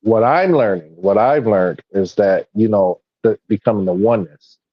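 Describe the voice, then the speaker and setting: A man in casual spiritual chat, speaking haltingly and backing others with frequent murmurs of agreement. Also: lowish voice, no echo, muffled recording.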